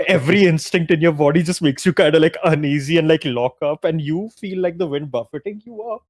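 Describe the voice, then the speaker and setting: A man's voice: on the high side, animated, normal speed. A young man narrating as game master in a tabletop game, casual and full of fillers, often laughing.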